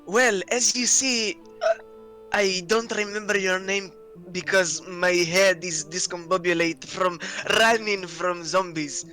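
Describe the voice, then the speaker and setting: Bright high-voiced man playing a game. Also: steady tone, a little slow, faint music behind. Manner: chatty, stumbling over his words. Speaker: tabletop game player. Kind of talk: in-character chat at a tabletop game.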